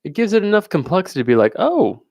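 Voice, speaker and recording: Podcast co-host, man with a gravelly voice and lively pitch, dry close sound. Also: quick pace, no echo. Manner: easygoing, animated, agreeable. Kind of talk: casual beer review chat.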